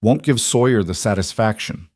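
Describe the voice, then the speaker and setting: A man voicing a shy young husband with a raspy, hoarse voice who talks haltingly and repeats his words. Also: lowish voice, animated, a little mellow, dry recording, clean studio sound. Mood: resolute.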